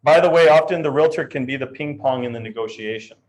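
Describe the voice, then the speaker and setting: A man leading a live real estate training session, talking in a lively way and acting out client voices. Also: medium pitch, fast talker.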